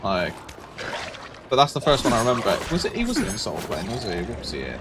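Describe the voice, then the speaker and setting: A man, animated and swearing in casual chat as a streamer. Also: fairly quick. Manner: animated, swearing, acts out quotes with sudden high yelps. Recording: noisy background.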